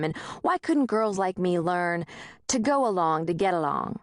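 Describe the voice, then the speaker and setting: Woman reading an audiobook, lowish voice, wry chatty storytelling, dead dry studio. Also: expressive, normal speed, no room sound. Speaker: audiobook narrator. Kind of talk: first-person audiobook narration. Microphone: close studio mic.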